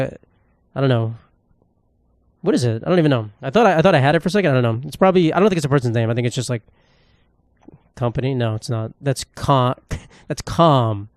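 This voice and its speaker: A man's voice: mid-range voice, expressive, brisk, darkish tone, no echo, clean studio sound. A young man, hosting a solo comedy podcast in a profane, sarcastic, rambling rant. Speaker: podcast host.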